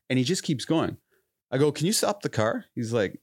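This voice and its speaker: A young adult man spins a story on a podcast, acting out every quote in bursts of laughter. His pitch sits mid-range but swoops widely as he talks. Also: brisk, breathy edge, no room sound, studio quality. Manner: animated, acts out quotes with rising pitch and laughter. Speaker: podcast host. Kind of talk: casual storytelling.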